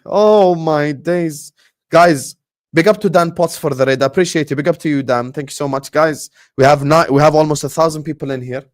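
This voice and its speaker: A young man hosting a football live stream, ranting in exasperation, repeating himself and swearing. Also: fairly high pitch.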